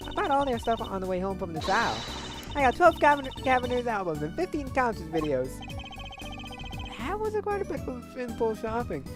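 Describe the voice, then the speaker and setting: A woman voicing a bubbly teenage girl who gushes excitedly, over game music. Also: a little high, normal speed, pitched above the performer's own voice. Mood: gushing.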